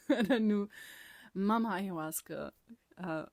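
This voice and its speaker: A woman casually telling a personal story in her vlog, rambling and animated, often laughing and sometimes dropping to a whisper. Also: medium pitch, slow, no room sound. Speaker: vlogger.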